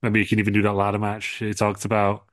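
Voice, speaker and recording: A man's voice: fairly low pitch, monotone, fast, no echo, clean studio sound, close to an everyday voice. A man doing an exasperated wrestling boss. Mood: upbeat.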